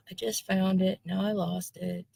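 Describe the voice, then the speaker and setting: A woman's voice: medium pitch, little pitch movement, slow, gravelly, a little mellow, slightly rough, dry recording. A woman hosting a casual live online panel, chatty and jokey, talking into a call mic. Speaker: host.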